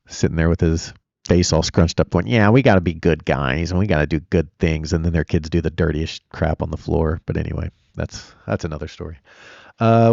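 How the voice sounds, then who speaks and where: A man's voice: deep voice, creaky, dark tone, no room sound, dull audio. A man hosting a live trading stream, chatty and blunt, rambling between chart talk and answers to viewers. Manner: blunt and opinionated. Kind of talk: casual live-stream commentary.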